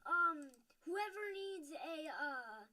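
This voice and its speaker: A woman talking casually and softly, halting as she explains a gift. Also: extremely high pitch, expressive. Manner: soft-spoken, halting, explains as she goes. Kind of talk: casual chat.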